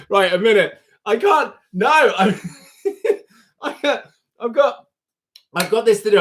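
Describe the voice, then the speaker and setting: Young guy doing a live stream, kinda high voice, giggly and chatty. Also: a bit bright. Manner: giggly and chatty, often breaking into laughter. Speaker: livestream host. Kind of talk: casual live stream chat.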